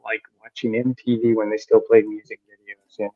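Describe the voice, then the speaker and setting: A man's voice: lowish voice, little pitch movement, a little fast, warm tone, lo-fi sound. A middle-aged man, a retired army sergeant major, telling stories bluntly and swearing freely as a podcast guest. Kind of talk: casual chat.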